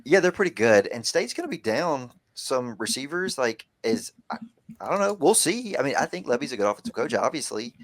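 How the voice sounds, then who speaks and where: A man's voice: medium pitch, sing-song, brisk. A man on a podcast panel chatting loosely about sports betting picks, hedging a lot and full of fillers. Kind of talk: casual sports betting chat.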